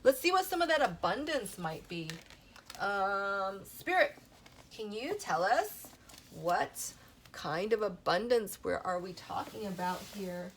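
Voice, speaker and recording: A woman's voice: mid-range voice, expressive, slow pace, a little hiss or hum. A woman giving a channeled tarot reading to her viewers, rambling and emotional, often stopping to check in with them. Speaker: tarot reader.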